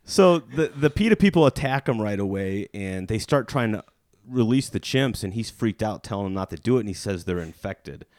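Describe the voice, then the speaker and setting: A man hosting a podcast, recapping a movie in casual chat with friends, animated and quick to laugh. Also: fairly low pitch, no room sound, clean studio sound. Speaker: podcast host.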